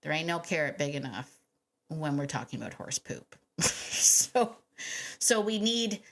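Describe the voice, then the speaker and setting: A woman hosting a dog training podcast, telling stories in a chatty, animated way with laughs and fillers. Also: low voice, measured pace. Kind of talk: casual podcast monologue.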